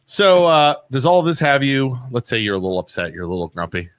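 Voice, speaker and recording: A young man co-hosting a casual talk radio show, excitable and repeating himself for emphasis. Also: mid-range voice, fairly quick, dry recording. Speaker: co-host.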